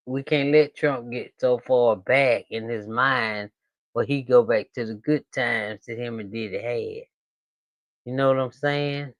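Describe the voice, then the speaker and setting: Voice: medium pitch, dry recording. A host of a reaction channel, joking in a loose, casual way and talking straight to the viewers. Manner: slow, drawling and joking, talks straight to viewers.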